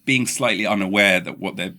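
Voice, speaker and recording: A deep-voiced man with an English accent hosts a podcast at a fairly quick clip. His talk is casual and meandering, full of restarted sentences, and he gets animated when quoting.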